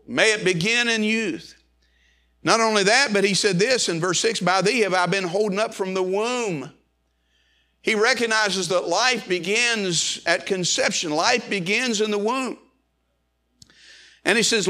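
A middle-aged man preaches with fervor, his voice pitched high and ringing bright. He stumbles over and repeats words as he presses his points, building to raised passages before dropping back. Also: normal speed. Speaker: pastor. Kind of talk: sermon.

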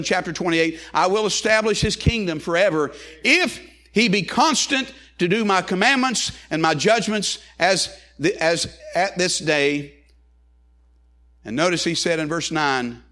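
A man's voice: a little high, a bit bright. A male pastor preaching a sermon, reading scripture aloud and repeating phrases in a rising and falling preaching cadence.

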